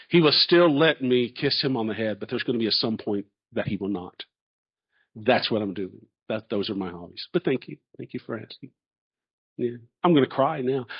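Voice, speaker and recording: A man's voice: mid-range voice, husky. A middle-aged man, a candidate answering questions in a public forum in a folksy, storytelling way. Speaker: chancellor candidate. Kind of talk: public Q&A presentation. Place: large hall. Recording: dull lo-fi audio.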